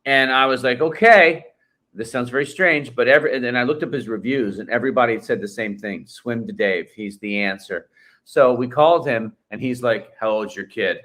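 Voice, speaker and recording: A man's voice: mid-range voice, a little fast, fairly bright tone. A man guest on a podcast, telling a family story in an earnest way and acting out quoted lines. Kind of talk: casual chat.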